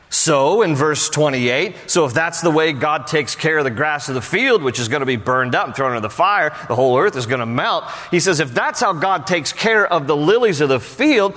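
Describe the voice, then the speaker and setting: A man preaching a sermon as pastor, animated and jokey, often pushing his voice up for emphasis. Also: fairly high pitch, moderate pace, in a large hall.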